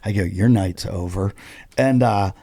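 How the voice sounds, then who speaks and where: Gravelly-voiced man telling a story. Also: on the low side, a little slow, warm tone, no room sound. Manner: storytelling, acting out both sides of the dialogue; loose, rambling with many fillers. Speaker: comedian. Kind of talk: casual podcast chat.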